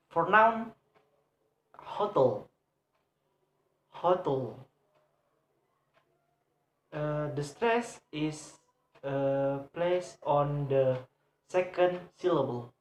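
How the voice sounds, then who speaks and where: A young man with an Indonesian accent teaches English word stress at a very slow, halting pace. He pauses often, fills gaps with "uh", and says each example word several times. The recording has a roomy echo. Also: fairly high pitch. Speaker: student presenter. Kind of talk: English pronunciation lesson. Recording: echoey room.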